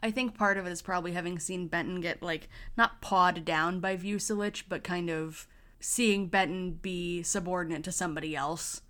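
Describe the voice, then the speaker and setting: A woman co-hosting a podcast in casual, animated chat, poking fun at herself. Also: on the low side, moderate pace. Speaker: podcast co-host.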